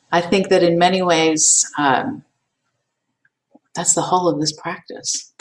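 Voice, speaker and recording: Slow, low-voiced woman teaching meditation. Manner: gentle, unhurried, with frequent fillers and repeats. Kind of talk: dharma talk to an online class. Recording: voice distant from the mic.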